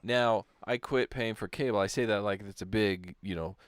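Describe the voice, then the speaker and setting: A man co-hosting a podcast, relaxed and agreeable, often chuckling in casual banter. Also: lowish voice, normal speed, dry recording, studio quality. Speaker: podcast co-host.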